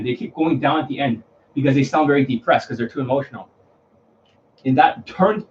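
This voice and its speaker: A man with a husky, middle-pitched voice rambles bluntly through a coaching monologue, swearing freely and filling gaps with ums. The recording sounds dull and lo-fi. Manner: rambling and blunt, with frequent profanity and fillers. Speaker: dating coach. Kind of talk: unscripted monologue to camera.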